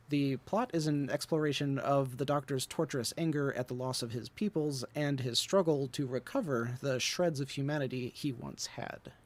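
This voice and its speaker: An American man reading passages aloud for a podcast, quick and light in his delivery, taking casual breaks to chat. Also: mid-range voice. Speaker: co-host reading quoted passages.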